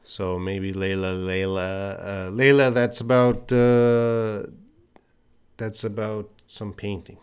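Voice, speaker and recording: Man, teacher, slow-paced, lowish voice, hesitant fillers, friendly viewer greetings. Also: fairly even intonation, clear, resonant tone. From Canada. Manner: greets viewers by name, explains patiently, hesitant with fillers and restarts. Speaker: English teacher. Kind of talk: live-streamed English lesson reading viewer chat. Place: indoor room at a desk with a board.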